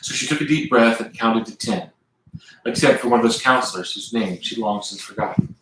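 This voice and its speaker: A man with a Southern US accent reads aloud from his own book on a live stream, pausing now and then to chat with viewers. His voice sits on the low side and moves a little fast, with a lively delivery. The audio is very echoey, with a noisy background.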